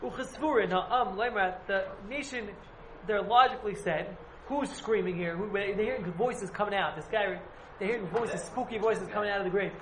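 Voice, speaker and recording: At a normal speed with few pauses, a man with a high-pitched voice teaches a casual Talmud class to a few students, rambling, repeating and hedging often. The echoey recording has a little hiss or hum.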